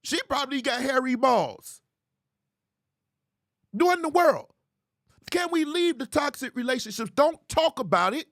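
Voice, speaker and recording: A man hosts a commentary show with a high, very lively voice that leaps up when he mocks. He laughs often and keeps a teasing, animated manner. The sound is dry and close. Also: measured pace, long pauses, no echo. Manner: swings into high squeals when ridiculing. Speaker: host. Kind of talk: commentary on viral clips.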